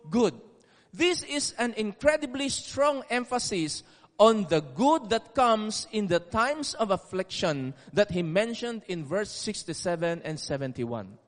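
A man preaching a sermon in a deliberate, emphatic way, repeating key words for stress. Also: extremely high pitch. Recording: long reverb of a large hall.

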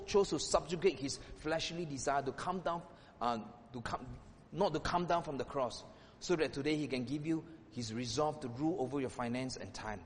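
Pastor, male, fairly high voice, preaching with passion, long church reverb, faint rumble. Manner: impassioned preaching, swinging from loud exclamations to hushed asides. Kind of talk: sermon. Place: church hall.

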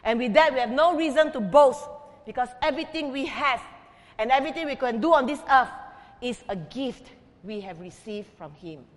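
A woman pastor preaching an emphatic sermon, swinging between loud declarations and quiet asides. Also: sits high, expressive, normal speed, big-room sound. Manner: emphatic, with big swings in loudness.

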